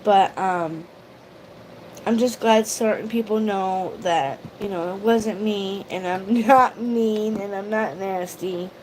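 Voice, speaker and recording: A woman's voice: medium pitch, slow pace, a little mellow, a little hiss or hum, poor audio. Emotional rambling woman vlogger. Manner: emotional, rambling, greets viewers by name. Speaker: YouTube vlogger. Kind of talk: casual livestream chat.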